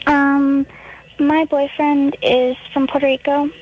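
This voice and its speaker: A teenage girl calling in to a radio show, with a high babyish voice. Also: little pitch movement, slow pace, a little hiss or hum. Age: teens. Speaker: caller. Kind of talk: phone-in call. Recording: tinny phone line.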